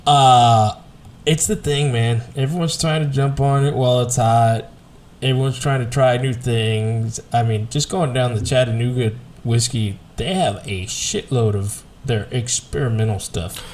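A man's voice: mid-range voice, a little slow, darkish tone, a little hiss or hum. A man co-hosting a podcast, talking in an easygoing, rambling way with many hesitations. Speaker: podcast co-host. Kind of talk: casual whiskey chat.

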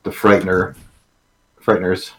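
A man co-hosting a live stream, speaking casually and haltingly with many restarts. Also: low voice, little pitch movement. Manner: halting, repeats words, lots of filler. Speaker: co-host.

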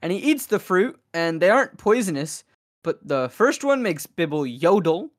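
A man's voice: high voice, sing-song, moderate pace. A man guesting on a podcast, joking dryly in casual chat about a film. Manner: playful, dry joking.

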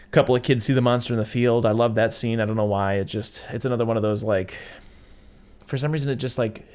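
A man co-hosting a casual podcast, recapping a film scene by scene and slipping into quick silly voices for its characters. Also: medium pitch. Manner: animated, acts out movie characters in quick put-on voices. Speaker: podcast co-host. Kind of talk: casual movie recap chat.

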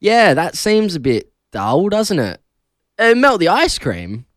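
This breakfast radio host is a young Australian guy with a high voice and a slow pace, chatty and quick to laugh as he tells animated stories. The studio broadcast mic gives a clean studio sound with no room sound.

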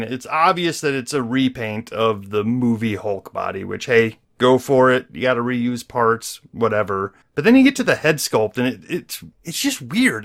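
Gravelly man musing with lively pitch. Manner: relaxed, musing, hedging. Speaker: co-host. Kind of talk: casual chat.

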